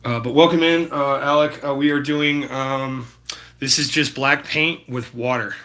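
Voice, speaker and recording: In a steady, medium-pitched voice that sounds pushed and bright, a man talks at a measured pace while painting live. He rambles casually, swears freely and greets his viewers by name.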